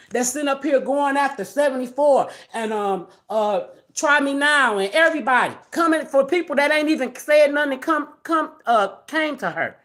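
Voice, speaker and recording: A woman with a high-pitched voice rants on her own live stream, blunt and confrontational as she scolds someone. She talks straight into her camera in a loose, unscripted way. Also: fairly bright tone. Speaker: livestream host. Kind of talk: livestream rant. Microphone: phone or webcam on a live stream.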